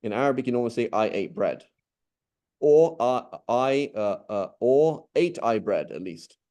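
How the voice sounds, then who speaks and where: A man's voice: medium pitch, lively intonation, measured pace, mellow. A man teaching an Arabic language class, patiently asking questions and repeating key points. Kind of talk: live online class teaching.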